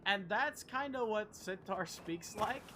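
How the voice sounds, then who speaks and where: A man's voice: high-pitched, expressive, a little slow, sharp tone, a little hiss or hum. A young man streaming a video game, rambling casually, swearing and chatting to his viewers. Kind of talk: casual gameplay commentary.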